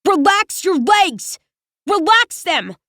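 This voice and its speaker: Lady reading as a frantic teen girl in an audiobook, high urgent orders, dry close sound. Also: big pitch swings, normal speed, no room sound. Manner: urgent, pleading, commanding. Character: frantic teenage girl tending a wounded boy.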